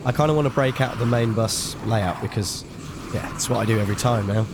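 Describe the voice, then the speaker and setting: A man's voice: fairly low pitch, brisk, noisy background. A man chatting casually and rambling with self-deprecating remarks while streaming a video game. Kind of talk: casual live-stream commentary.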